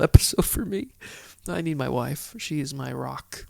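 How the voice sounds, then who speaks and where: A man hosting a faith podcast on his own, talking in an unhurried, chatty way and thinking out loud. His voice has a gravelly edge. The sound is dry and close, with no room around it. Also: medium pitch, dry recording. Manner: chatty, thinking aloud, heartfelt. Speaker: podcast host. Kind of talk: solo Bible study podcast talk.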